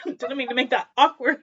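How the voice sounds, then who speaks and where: A woman's voice: high-pitched, a little slow, pushed and bright, lo-fi sound, slight background noise. A young woman co-hosting a podcast, chatting casually and giggling as she retells her conversations. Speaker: podcast co-host. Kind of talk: casual chat.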